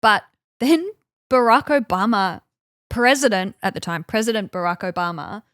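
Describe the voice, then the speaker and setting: A woman's voice: mid-range voice, moderate pace, a bit bright, no echo. Chatty woman podcast co-host, dry sound. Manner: chatty storytelling with frequent fillers and acted quotes. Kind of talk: casual chat, recounting events.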